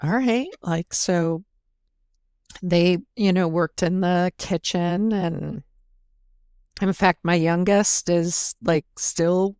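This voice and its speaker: A woman's voice: on the low side, little pitch movement, drawn-out words, a little mellow, smooth, no echo, studio quality. A woman in her forties, a podcast guest, chatting casually about her life, with lots of fillers and quoted asides. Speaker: podcast guest, brewpub co-owner. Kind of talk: casual interview chat.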